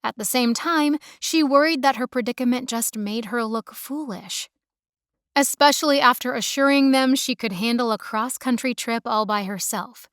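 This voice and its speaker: A woman narrating a romance audiobook in a steady, even storytelling manner. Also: fairly high pitch, normal speed, no room sound, studio quality.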